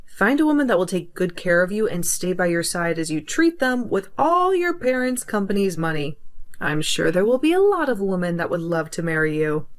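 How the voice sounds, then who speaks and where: A woman's voice: lowish voice, sing-song, moderate pace. A woman playing a betrayed young woman who speaks firmly and coldly to her cheating ex, in a narrated story drama. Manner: firm, scolding.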